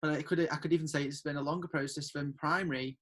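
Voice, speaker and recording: A man's voice: a little high, fairly even intonation, fast talker, fairly bright tone. A young man hosting an interview, speaking in a thoughtful, rambling way. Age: young adult. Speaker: host. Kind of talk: casual interview chat.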